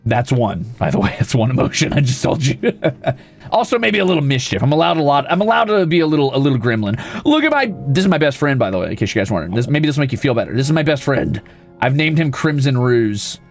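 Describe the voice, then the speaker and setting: Playful gravelly-voiced male streamer. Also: medium pitch, very animated, quick pace, soft background music. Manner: playful, teasing, mock-boastful. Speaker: VTuber streamer. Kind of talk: casual gaming stream chat.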